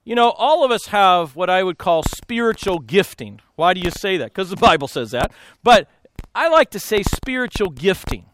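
A man speaking as a pastor in a storytelling talk, animated, laughing often and acting out the voices of people in his stories. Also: high-pitched, slight background noise.

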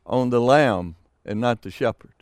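An older man preaching a sermon, slow and emphatic with dramatic pauses. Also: mid-range voice, dry recording.

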